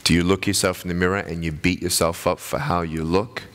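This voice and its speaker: A man, giving an animated, playful motivational sermon to a college chapel crowd. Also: low voice, fairly quick. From Australia. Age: 30s. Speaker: guest chapel speaker. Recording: echoey hall.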